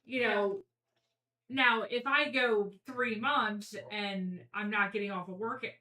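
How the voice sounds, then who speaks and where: A woman's voice: medium pitch, steady tone, slow pace, pushed and bright, roomy sound, recorded from a distance, low-quality recording. A woman talking frankly and bluntly as a guest in a casual chat, swearing freely. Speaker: podcast guest.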